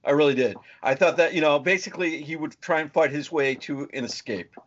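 A man chatting on a podcast, agreeable and hedging as he makes his points. His voice sits a little high. The recording is dull and lo-fi. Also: a little fast. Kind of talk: casual podcast chat.

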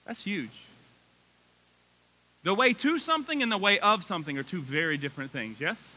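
Pastor, man, 30s: folksy, animated sermon delivery in a sanctuary, high bright voice with lots of swing. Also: normal speed, long pauses. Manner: animated, folksy preaching with rising excitement. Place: church sanctuary.

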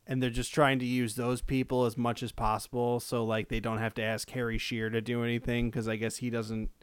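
A man's voice: medium pitch, little pitch movement, a little fast, clean tone, dry recording. Rambling man in casual podcast chat. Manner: rambling, swears, many fillers and restarts. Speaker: podcast co-host.

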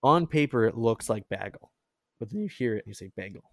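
A man's voice: medium pitch, expressive, fairly quick, no room sound. Brief: chatty male host, mid-range voice, rambling and laughing, dry close sound. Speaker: podcast host. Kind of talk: casual chat.

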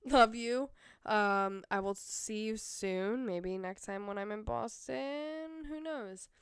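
Young woman vlogger, smooth clear voice, dry close sound, chatty and rambling. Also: medium pitch, takes it slowly, dry recording. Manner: chatty, filler-heavy, laughs often. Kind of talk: rambling casual monologue.

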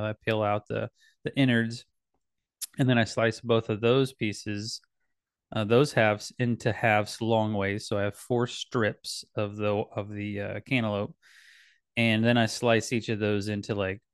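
A man's voice: lowish voice, dry recording, studio quality. Rambling man telling a family story. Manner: rambling, self-correcting, laughs often. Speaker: podcast host and dad. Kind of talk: casual personal storytelling.

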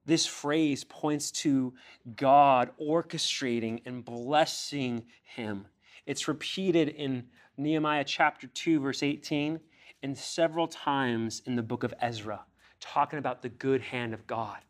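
A young male pastor preaches a sermon at a slow pace in a medium-pitched voice. He reads scripture aloud and presses his listeners with earnest questions, his voice rising to emphasize key phrases.

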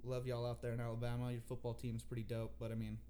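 A man's voice: mid-range voice, completely flat delivery, fast talker, warm tone, slight background noise. A man co-hosting a podcast, bantering in a laid-back, wry and profane way. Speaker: podcast co-host. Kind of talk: casual crude banter.

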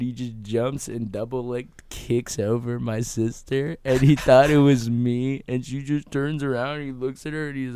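A young man chatting casually as a podcast guest, telling lively stories and swearing freely. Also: medium pitch, moderate pace, smooth, no room sound. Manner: animated storyteller, swears freely. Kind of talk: casual chat.

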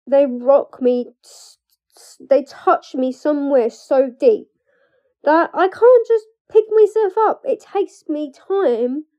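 A young adult woman, a coach, speaking candidly and emotionally in a personal vlog, halting at times and breaking into nervous laughs. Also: sits high. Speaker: trauma coach. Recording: dull lo-fi recording.

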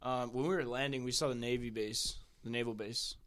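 A man's voice: mid-range voice, fairly even intonation, fairly quick, a bit bright, clear, resonant tone. Blunt, profane young man ranting. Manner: blunt, profane, worked-up storyteller. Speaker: guest. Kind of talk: casual chat.

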